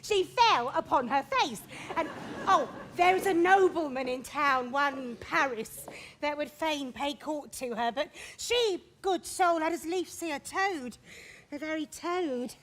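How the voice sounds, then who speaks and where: An actress on stage playing a chattering, bawdy old nurse who rambles, teases and groans. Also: female voice, very high voice, a bit bright, a little hiss or hum, exaggerated voice. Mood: gossiping. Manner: rambling, teasing, full of laughs and groans. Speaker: stage actor. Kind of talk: theatrical stage acting. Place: open-air theatre stage.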